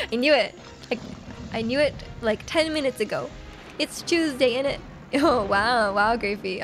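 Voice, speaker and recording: A bubbly young woman with a bright, high voice chats with her viewers while playing, laughing often and teasing them. Her reactions jump up excitedly at tense moments in the game. Faint game music plays quietly behind her. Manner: giggly and excitable, reacting loudly to gameplay; reads chat aloud and teases viewers. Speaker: streamer. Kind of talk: casual live game stream, chatting with viewers.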